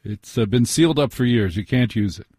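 Mellow-voiced late-night radio host. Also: male voice, medium pitch, brisk, husky, no echo. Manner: conversational, teasing, builds intrigue.

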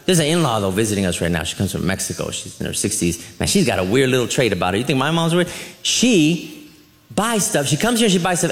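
Animated stand-up comic man, lively crowd. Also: fairly high pitch. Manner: animated, laughing, acts out family members. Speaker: stand-up comedian. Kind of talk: stand-up comedy routine. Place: comedy club stage. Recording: live club with audience laughter and crowd noise.

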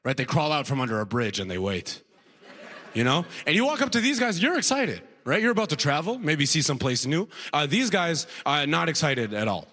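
A man's voice: on the high side, very animated, fairly quick, pushed and bright. Stand-up comic, man, hall reverb. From Alberta, Canada. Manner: conversational, frequent "right?" asides, drawled impressions. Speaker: stand-up comedian. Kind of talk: stand-up comedy set. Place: comedy festival stage before a live audience.

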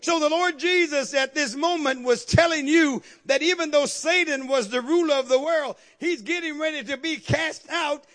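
A man with a strikingly high voice preaches a fervent sermon. He keeps calling out to the congregation for agreement and drives his points up to shouted peaks. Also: moderate pace, few pauses. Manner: call-and-response, repeatedly asking the congregation to agree.

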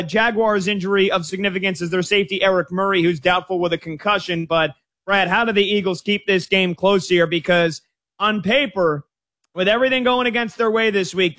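A male sports radio host with a high, bright voice. He talks in an upbeat, casual way, calling callers man and brother. He runs through game previews with steady energy. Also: normal speed.

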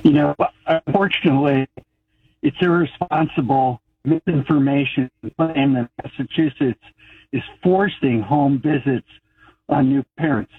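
A male caller to a radio show, arguing insistently and yelling as he repeats his points. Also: on the high side. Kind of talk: heated call-in argument. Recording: tinny phone line with faint hiss.

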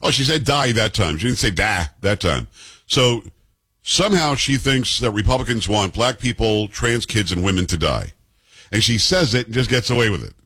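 A combative man in his fifties delivers political commentary, peppering his points with sarcastic rhetorical questions. His pitch swings widely and his voice has a husky grain. The recording is close and dry, with no room sound. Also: lively intonation, normal speed, fairly bright tone, dry recording. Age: 50s. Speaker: commentary show host.

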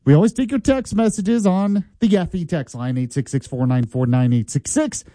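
A man's voice: high voice, normal speed, dark tone, no echo. A man hosting a morning talk radio show, talking with wry, mock-sad humor.

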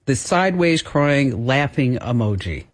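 A man's voice: medium pitch, very animated, a little slow. A man hosting a talk radio show, chatting casually, laughing often and quizzing his co-host. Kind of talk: casual radio chat with an ad read.

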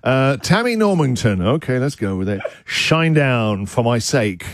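A man's voice: medium pitch, unhurried. A man hosting a radio show, joking and laughing his way through listener segments. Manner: jokey, laughing often, lively. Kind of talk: breakfast radio banter.

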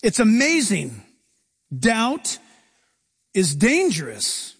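A man preaching a lively sermon, breaking into acted-out voices of Bible characters. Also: sits high, very slow, slightly rough, long reverb tail.

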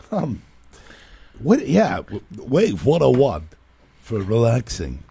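Gravelly, animated talk radio host. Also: male voice, medium pitch. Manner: rambling, self-deprecating, quick asides. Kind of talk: casual radio banter.

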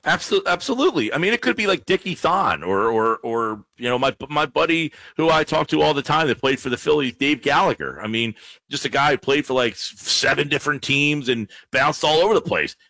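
A man hosting a call-in sports radio show, talking with callers and listeners in an animated way. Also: on the high side, dry recording. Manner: lively, animated, quick play-by-play bits. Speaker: radio sports talk host.

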